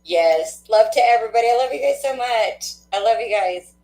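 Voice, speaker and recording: A woman hosting a spiritual card-reading livestream, chatting warmly and laughing often, with a stuffy nose. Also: fairly high pitch, expressive, brisk. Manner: affectionate, chatty, laughs often, many fillers. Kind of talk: casual livestream sign-off chat. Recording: echoey room.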